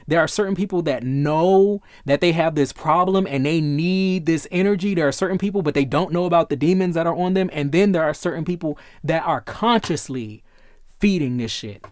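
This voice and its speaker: A man's voice: sits high, a little mellow, no echo, clean studio sound. A man giving a casual tarot reading, emphatic and repetitive, swearing freely. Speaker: tarot reader.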